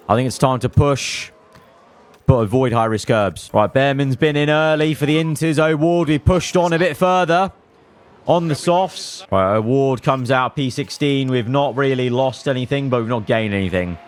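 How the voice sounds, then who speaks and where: A man giving excitable live commentary over a racing management game, swinging from low muttering to loud outbursts. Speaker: gaming YouTuber.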